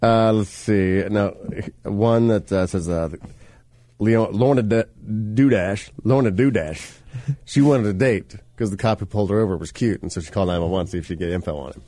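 A man's voice: on the low side, normal speed, warm tone, dry recording. A man co-hosting a casual comedy talk show, reading odd stories and joking around. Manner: joking, puts on silly voices. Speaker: podcast co-host.

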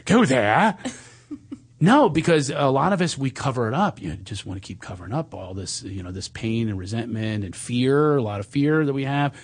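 A male radio host from the US East Coast, talking into a studio mic with a husky, slightly rough tone. His pitch swings widely as he jokes, riffs and drops into quick comic voices. Mid-range voice, loose and playful delivery. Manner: animated, jokey, slips into quick voices.

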